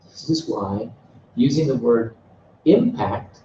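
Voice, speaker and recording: A man's voice: medium pitch, lively intonation, normal speed, mellow, a little hiss or hum. A man teaching a beginners' Greek class, drilling words for students to repeat and stretching words out to show stress. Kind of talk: classroom lecture. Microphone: far from the mic. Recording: distant, roomy, dull classroom recording.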